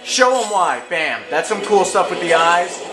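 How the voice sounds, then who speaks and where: A man's voice: high voice, very animated, unhurried, over music. A man reviewing movies in a casual vlog, enthusiastic and slangy, joking as he goes. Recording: echoey room with faint hum.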